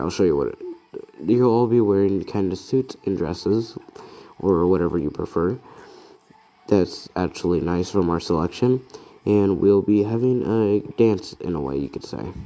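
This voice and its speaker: Upbeat teacher making class announcements, a man in a low, dark voice. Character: cheerful school teacher addressing class.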